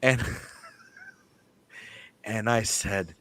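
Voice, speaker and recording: A man telling a story in casual chat, swearing freely and acting out the dialogue with lively energy. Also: on the low side, extremely slow. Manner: animated, profane, acts out the dialogue. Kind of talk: casual storytelling among friends.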